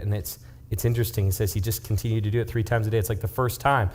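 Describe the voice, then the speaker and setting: A young man, a youth pastor, preaching in a casual, animated way, retelling a story and dropping into hushed asides. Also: fairly low pitch, rapid-fire, few pauses, slight background noise. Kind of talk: youth-group sermon storytelling.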